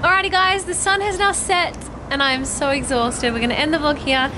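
Bubbly high-voiced young woman vlogger. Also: brisk, background noise. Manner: bubbly, excitable, gushing. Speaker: travel vlogger. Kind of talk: casual vlog narration. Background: background music.

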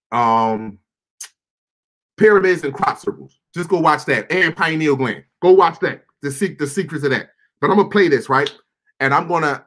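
A fired-up man shouting a profane rant. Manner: fiery, shouting, profane, repeats himself; calmer, lower and quieter. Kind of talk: impassioned monologue.

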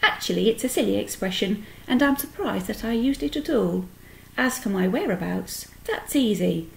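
A woman reading aloud and voicing a kindly, calm female spider with a genteel manner. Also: mid-range voice, normal speed, vocal fry, echoey room, slight background noise, rough recording. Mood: friendly.

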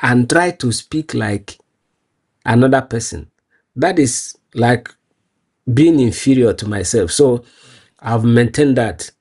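A man's voice: mid-range voice, slow pace, long pauses, darkish tone. A man from Nigeria with a Nigerian accent, answering interview questions in an earnest, proud way and laughing easily. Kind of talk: casual street interview.

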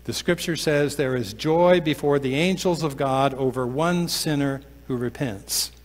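A pastor preaching a sermon, often slowing down and dropping to a soft, low voice to stress a point. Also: male voice. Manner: slows down and drops to a soft, low voice for emphasis. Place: church sanctuary. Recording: long church reverb.

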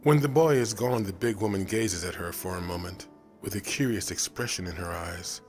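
A man narrating a novel in a steady, even storytelling style, over faint music. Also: low voice, normal speed. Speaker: audiobook narrator.

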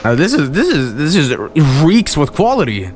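A man's voice: a little high, huge pitch swings, normal speed, over music. A man doing profane, mocking let's play commentary on bad games, laughing often. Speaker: streamer.

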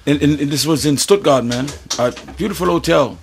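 A man in an interview telling a story in a casual, animated way, with stammering restarts, frequent swearing and laughter. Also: a little high, brisk, gravelly. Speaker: musician interview guest.

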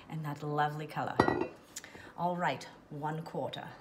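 A woman's voice: sits low, steady tone, a little slow, very noisy. A woman hosting a casual cocktail how-to, playful, slipping in and out of a put-on continental accent. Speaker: cocktail show host.

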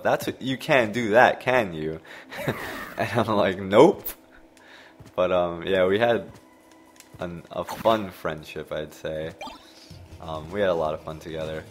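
A man in his thirties casually telling stories while playing a game, rambling and laughing as the game pulls his focus. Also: sits low. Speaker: gameplay commentator. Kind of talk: casual storytelling over gameplay.

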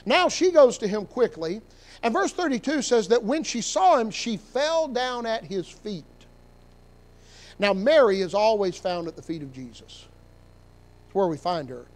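A man preaching as pastor, reading scripture aloud and swinging between emphatic rises and quiet drops. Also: high-pitched, expressive, measured pace. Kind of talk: sermon.

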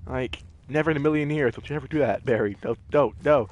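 A man commenting on his own gameplay, easily startled and thinking out loud as he plays. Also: medium pitch, fast talker. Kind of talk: let's play commentary.

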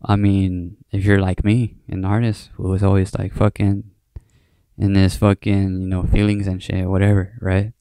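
A young man with a low, gravelly voice rambles through a late-night solo podcast. He swears freely and keeps circling back with "you know." His mellow, fairly flat delivery sounds close and dry. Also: moderate pace, no room sound. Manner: rambling, heavy swearing, many fillers. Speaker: podcast host. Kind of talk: casual solo monologue.

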